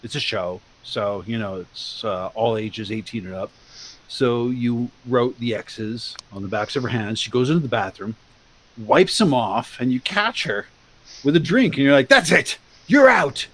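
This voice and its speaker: A man's voice: mid-range voice, normal speed. A man chatting casually with friends, teasing and animatedly retelling shared stories.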